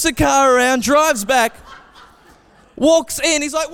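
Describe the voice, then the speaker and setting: A man preaching a casual, animated sermon as pastor, acting out voices when he tells a story. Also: very high voice, normal speed, clear, resonant tone, long reverb tail. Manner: animated, acts out voices in anecdotes. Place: church.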